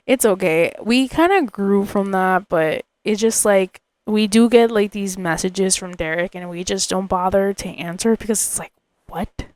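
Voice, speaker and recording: A woman's voice: medium pitch, measured pace, darkish tone, no echo. A young woman hosting a podcast, telling a personal story in a chatty, rambling way, full of fillers and asides. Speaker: podcast host.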